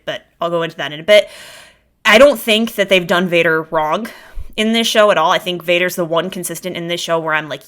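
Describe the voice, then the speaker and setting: A woman's voice: mid-range voice, fairly quick, fairly bright tone. A young woman hosting a podcast, giving a casual, gushing reaction that rambles and restarts as she thinks aloud. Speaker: podcast host reacting to a show. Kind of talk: casual solo reaction commentary.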